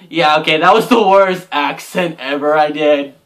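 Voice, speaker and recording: Excitable young guy unboxing. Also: fairly high pitch, normal speed, few pauses. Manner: excitable, gushing, lots of "like" and "oh my gosh". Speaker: unboxing vlogger. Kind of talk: casual unboxing commentary.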